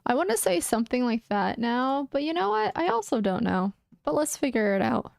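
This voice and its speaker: Recorded in a clean, dry studio, a young woman's high, creaky voice comes through very animated and brisk. She's live-streaming chess, anxiously muttering casual remarks to herself and repeating words while she plays.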